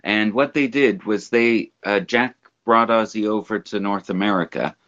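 A man's voice: lowish voice, a bit bright. Storytelling man with dull lo-fi sound. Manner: storytelling, drawn-out. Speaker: podcast host. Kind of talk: casual chat.

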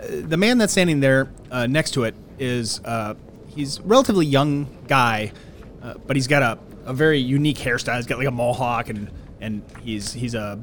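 A man narrating as game master, describing a scene in a relaxed, halting way with many fillers. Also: mid-range voice, slight background noise.

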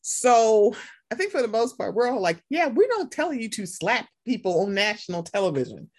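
Animated, profane woman podcast host. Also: a little high, normal speed. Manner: animated, profane, acts out quotes in voices. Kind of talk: casual podcast chat.

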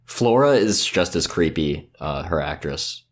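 A man co-hosting a podcast in casual chat, reacting and laughing often. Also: measured pace. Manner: reactive, laughs often, lively swings in pitch. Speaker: podcast co-host.

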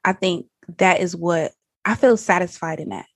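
A woman's voice: fairly low pitch, moderate pace, breathy edge, no room sound, clean studio sound. A woman guest on a faith podcast, talking earnestly in a casual, slangy way. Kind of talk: casual chat.

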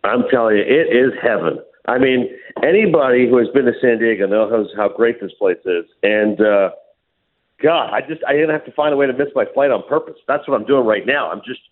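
A man co-hosting a radio show, telling stories in casual banter, animated and quick. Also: medium pitch. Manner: animated storyteller, quick and lively. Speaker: radio co-host. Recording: phone-like radio line.

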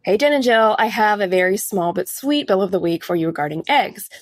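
A woman's voice: medium pitch, lively intonation, fairly quick, no echo, studio quality, faint music behind. An American listener, a woman, telling a personal story in a chatty way and acting out quoted lines. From United States. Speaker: listener sending in a recorded story. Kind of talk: casual storytelling.

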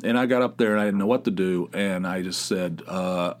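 A man's voice: low voice, steady tone, fairly quick, few pauses. A middle-aged man hosting a podcast, telling rambling, self-mocking stories in casual chat and getting fired up as he goes. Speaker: podcast host.

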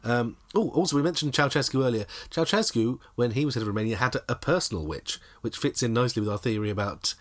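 A man's voice: medium pitch, animated, fast, few pauses. A man co-hosting a comedy podcast, telling odd stories playfully and laughing often. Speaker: podcast co-host. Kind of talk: casual comedic chat.

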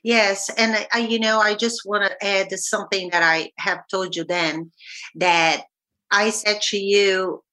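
A woman appearing as a podcast guest, speaking in a measured, firm way. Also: mid-range voice, fairly even intonation, bright, forceful tone, low-quality recording.

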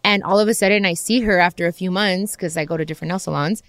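A woman's voice: fairly low pitch, fast, a bit bright, dry recording, studio quality. A woman hosting a podcast, telling a personal story in a candid, casual way, talking straight to her listeners and acting out the people she quotes. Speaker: podcast host.

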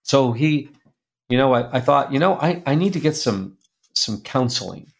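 A middle-aged man telling a personal story as a guest, earnest and confessional, going soft and quiet at the painful parts. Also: medium pitch, animated, moderate pace, gravelly. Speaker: guest speaker.

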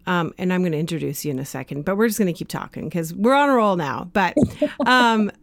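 A Canadian woman hosting a podcast interview, chatty and quick to laugh, often drifting into asides. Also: fairly low pitch, expressive, vocal fry, dry recording. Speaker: podcast host. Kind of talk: casual interview chat.

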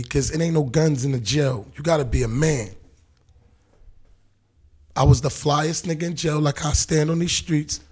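Husky, animated New man. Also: a little high. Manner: animated, profane, acts out quotes. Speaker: podcast guest. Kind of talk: casual storytelling.

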